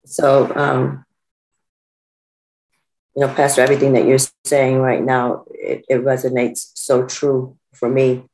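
Church member, video call testimony, earnest, slow, middle pitch, some fillers. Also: monotone, a little mellow, rough recording. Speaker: church member speaking to the pastor.

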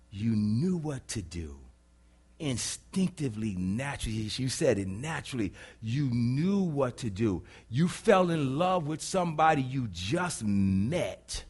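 A man preaching a sermon, emphatic, who swings from hushed to loud and repeats phrases for effect. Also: medium pitch, breathy edge.

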